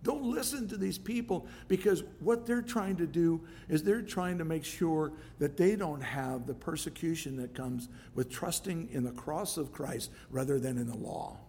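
A man preaching a sermon in a conversational way, growing emphatic and loud when he drives a point home. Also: on the high side, moderate pace, few pauses, slight background noise. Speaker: pastor.

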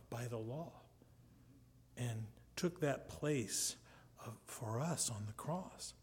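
A middle-aged man preaching a sermon, swinging between loud, emphatic peaks and soft, near-whispered lines. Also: a little high. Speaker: pastor.

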